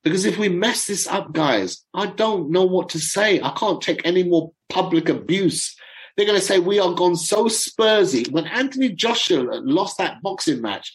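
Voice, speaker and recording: A middle-aged man chatting to viewers as a football fan commentator, excitable and chatty, often stumbling over names. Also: high voice, normal speed, poor audio. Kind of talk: casual chat to viewers.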